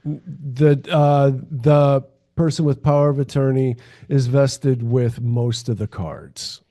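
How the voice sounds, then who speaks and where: A man co-hosting a podcast, speaking in a measured, reflective way in casual conversation and often murmuring agreement. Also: mid-range voice, fairly even intonation, mellow. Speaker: podcast co-host.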